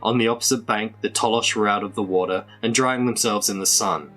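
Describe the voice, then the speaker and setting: A man reading a children's adventure book aloud in a measured storytelling manner. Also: lowish voice, fairly even intonation, fairly bright tone, soft background music. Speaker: storybook reader.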